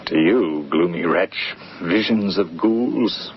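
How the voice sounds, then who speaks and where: An actor in a radio drama playing a refined gentleman, speaking in a polished, lyrical way. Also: sits low, slow. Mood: reflective. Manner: polished, lyrical, slightly teasing. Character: refined, reflective young gentleman narrator. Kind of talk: 1950s-style BBC radio drama acting. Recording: dull lo-fi radio recording with faint hiss.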